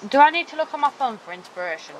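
Excitable woman playing a game. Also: high voice, rapid-fire, a little hiss or hum, low-quality recording. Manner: playful, silly, excitable. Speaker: gaming streamer. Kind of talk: casual gameplay chatter.

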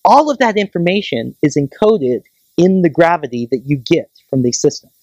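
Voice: mid-range voice, sing-song, normal speed, darkish tone, no room sound. Enthusiastic astronomer lecturing, dry sound. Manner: enthusiastic, keeps checking in with the audience with "right?"; explains in plain everyday comparisons. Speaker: staff astronomer giving a public lecture. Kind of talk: public science lecture. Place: planetarium lecture.

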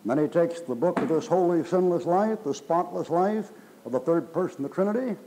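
Emphatic preaching man, slightly high voice. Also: expressive, fairly quick, mellow, rough recording. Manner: folksy, emphatic preaching with rising bursts. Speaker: pastor. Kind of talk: sermon.

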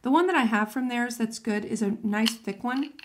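Chatty enthusiastic woman, slightly high. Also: moderate pace, a little hiss or hum. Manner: chatty, enthusiastic, thinking aloud. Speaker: nail art vlogger. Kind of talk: casual tutorial chat.

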